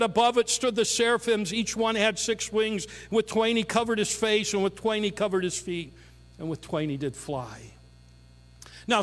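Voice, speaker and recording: A high-pitched male pastor preaching with emphatic repetition. His voice carries a long reverb, as if recorded in a large hall. He drives home points with measured pauses. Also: a bit bright. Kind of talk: sermon.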